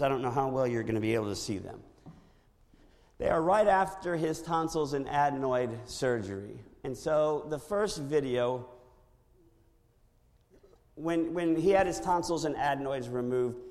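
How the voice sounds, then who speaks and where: A male pastor preaching a sermon in a church, animated and storytelling with impressions. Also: mid-range voice, in a large hall.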